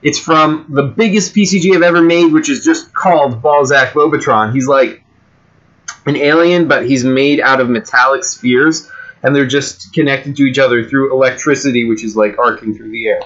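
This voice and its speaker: Bright-voiced man reading stories casually. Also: mid-range voice, fairly even intonation, normal speed, lo-fi sound. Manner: chatty, breaks off with fillers and asides. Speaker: reader and creator of homemade games. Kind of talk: casual read-aloud of generated stories.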